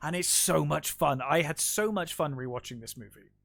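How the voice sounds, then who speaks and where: A man's voice: on the high side, normal speed, gravelly, a bit bright, dry recording, clean studio sound. Man acting out film scenes in review. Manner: retells scenes acting out lines, many fillers. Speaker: podcast co-host. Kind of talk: casual film review chat.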